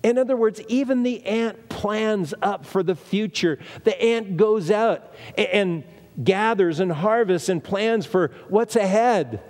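A male preacher with a fairly high voice delivers a sermon, driving his points home through repetition and rhetorical questions. His words ring out with a long reverb, as if filling a large hall. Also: unhurried, a little mellow. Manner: emphatic, repeats phrases and asks rhetorical questions.

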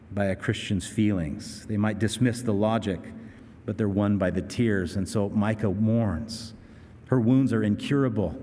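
A man preaches from the pulpit in a large church, his voice trailing into a long hall reverb. He explains scripture in a relaxed, chatty way, then breaks into vivid, dramatic bursts. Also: mid-range voice. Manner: expository preaching, casual asides and dramatic outbursts. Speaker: pastor. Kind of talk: sermon.

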